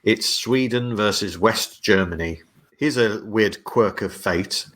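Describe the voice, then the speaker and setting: Low-voiced man telling football history. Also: takes it slowly. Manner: dry, steady storytelling, reading out facts. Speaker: podcast co-host presenting football history. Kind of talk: casual podcast chat.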